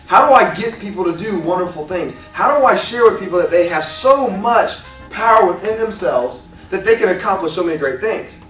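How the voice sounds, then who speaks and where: A man in his thirties giving a leadership seminar talk as a motivational speaker, animated, acting out little scenes and laughing often. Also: sits high, brisk, hardly any pauses. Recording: echoey hall from far off, faint music.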